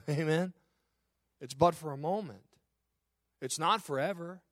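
A man's voice: on the high side, takes it slowly, no echo, clean studio sound. A middle-aged man, a pastor preaching a sermon with impassioned, repetitive phrasing.

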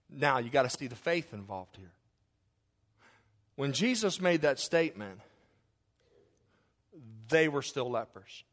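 A man preacher delivering a sermon in folksy, animated storytelling, stumbling over restarts and asking listeners directly whether they follow him. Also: mid-range voice, measured pace, pauses often. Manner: talks directly to listeners with questions.

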